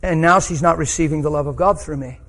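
A man's voice: a little high, quick pace, a bit bright. A middle-aged man preaching a sermon, telling a personal story with rising emotion.

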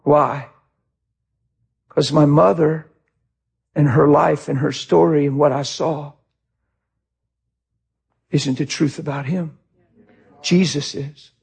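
A middle-aged male pastor preaching a sermon with passion, swinging from shouts to quiet, heartfelt talk. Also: fairly high pitch, steady tone, slow pace, creaky, pauses often, husky.

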